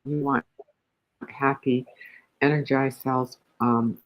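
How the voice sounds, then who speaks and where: A woman's voice: rumbling low, slow, creaky, low-quality recording. A woman who is a guest on an interview show. She talks with animation and likes to tell jokes. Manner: animated joke-teller. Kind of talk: interview conversation.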